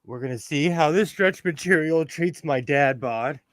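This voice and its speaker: A man's voice: on the high side, normal speed, no room sound, clean studio sound. A middle-aged man hosting a casual sewing livestream from home, chatty and self-mocking, reading chat questions aloud.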